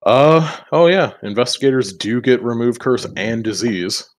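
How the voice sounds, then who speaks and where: A man's voice: mid-range voice, expressive, unhurried. A man playing a tabletop role-playing game, chatting casually and rambling with plenty of swearing. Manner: loose, rambling, swears a lot, laughs between lines. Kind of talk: casual game chat in and out of character.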